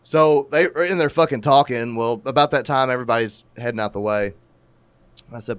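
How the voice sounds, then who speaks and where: A man telling a crude, animated story in casual profane podcast chat, laughing at his own tale. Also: medium pitch, fairly quick, clear, resonant tone, no echo.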